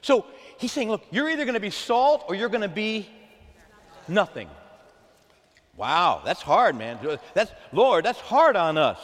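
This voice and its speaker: A man preaching a sermon to a congregation, animated, drawing them into call-and-response. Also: high voice, measured pace. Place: church. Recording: long hall reverb.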